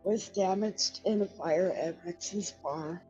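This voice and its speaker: A woman's voice: lowish voice, takes it slowly, warm tone, lo-fi sound, soft background music. A woman doing a fire-scarred woman with a ruined throat. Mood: pained. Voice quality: strained, damaged-throat voice.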